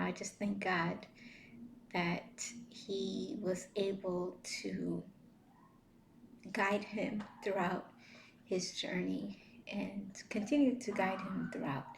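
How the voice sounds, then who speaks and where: Woman vlogger, slow and gentle faith talk, soft laughs and fillers, roomy echo. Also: medium pitch, creaky, slight background noise. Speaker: vlogger sharing faith reflections. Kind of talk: casual devotional talk.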